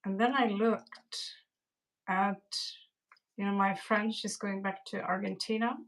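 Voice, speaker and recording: Slow rambly lady doing a tarot livestream, gravelly fry in her voice, chats with viewers. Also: mid-range voice, fairly even intonation, rough recording. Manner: rambling, chatty, greets viewers and mixes in Spanish. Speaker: tarot reader. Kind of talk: casual live-stream tarot reading.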